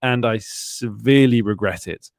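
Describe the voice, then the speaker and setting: A man co-hosting a casual podcast chat, jokey and quick to laugh. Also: mid-range voice, vocal fry, dry recording, clean studio sound. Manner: jokey, laughs often, puts on voices. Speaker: podcast co-host.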